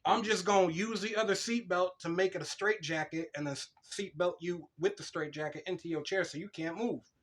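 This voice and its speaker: A young man co-hosting a casual podcast, telling stories in a lively, foul-mouthed way. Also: high-pitched, fairly quick, hardly any pauses. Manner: swears a lot, animated storytelling. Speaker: podcast co-host.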